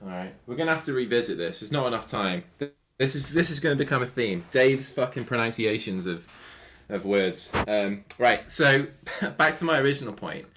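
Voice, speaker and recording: A man's voice: medium pitch, expressive, moderate pace, few pauses, a bit bright, slight background noise. A man hosting a casual football podcast, laid-back and chatty, laughing easily and swearing casually. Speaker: podcast host.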